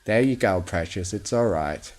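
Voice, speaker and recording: A patient old stallion gardener from a storybook, voiced by a man reading aloud. He speaks in a low, unhurried, gentle tone, as if chatting over the garden fence. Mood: kindly calm. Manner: calm, gentle, conversational. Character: kindly old male earth pony gardener, calm and patient.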